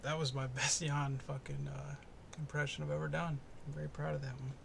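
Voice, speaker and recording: Gravelly young man, casual podcast host. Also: fairly high pitch, flat delivery, a little fast, a little hiss or hum. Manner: profane, laid-back, rambling and jokey. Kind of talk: casual solo fight-prediction podcast. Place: home in the US East Coast.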